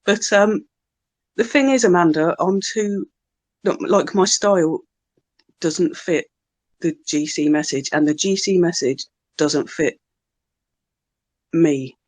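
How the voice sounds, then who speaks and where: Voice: medium pitch, slow, long pauses, dry recording. A speaker, talking in slangy, rambling, sardonic casual chat. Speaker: live audio room speaker.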